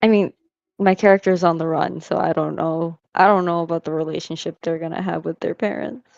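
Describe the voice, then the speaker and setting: A woman's voice: fairly low pitch, fairly even intonation, brisk, gravelly, darkish tone, no echo. A woman chatting about her character at a tabletop role-play game, often stopping to rephrase. She sounds close and dry with no room around her. The voice call sound is somewhat lo-fi. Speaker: player. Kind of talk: casual tabletop game chat.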